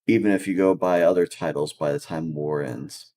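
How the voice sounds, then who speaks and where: A man's voice: deep voice, fairly even intonation, moderate pace, dark tone. A man playing a tabletop game, describing his actions hesitantly with fillers. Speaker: player.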